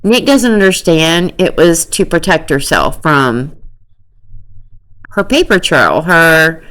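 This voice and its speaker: Slow, lively-voiced woman commentator. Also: sits low. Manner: exasperated, incredulous, emphatic. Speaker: true crime commentator. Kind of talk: casual commentary reacting to a clip.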